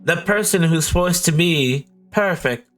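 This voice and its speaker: Monika, a man doing a gentle schoolgirl president. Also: unhurried, soft background music. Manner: soft, earnest falsetto girl voice. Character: poised teen girl, literature club president.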